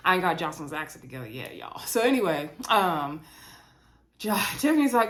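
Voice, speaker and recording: A woman's voice: medium pitch, animated, fairly quick, fairly bright tone. A woman giving a casual, chatty recap of a reality show, laughing often and acting out what people said. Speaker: recap vlogger.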